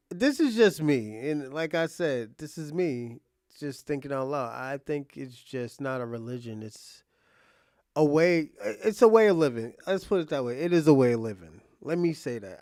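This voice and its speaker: A young man casually commenting on an interview clip, rambling and thinking out loud with many restarts. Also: fairly high pitch, no echo, studio quality. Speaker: reaction streamer.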